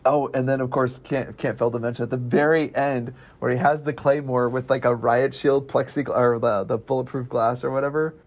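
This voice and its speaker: A young man hosting a casual movie podcast, talking excitedly with lots of fillers. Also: medium pitch, fairly quick, hardly any pauses. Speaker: movie review podcast host.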